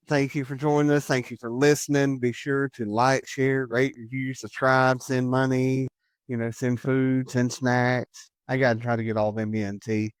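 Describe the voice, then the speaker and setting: Chatty joking podcast host, smooth voice. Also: male voice, mid-range voice, no room sound, studio quality. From United States. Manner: jokey and chatty, laughs often. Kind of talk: casual chat.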